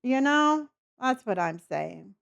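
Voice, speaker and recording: Chatty middle-aged woman streaming a game, rambles and laughs a lot, talks to chat, voice a bit on the high side. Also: very animated, slow, gravelly, fairly bright tone, lo-fi sound. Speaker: livestreamer. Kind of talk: casual chat while gaming.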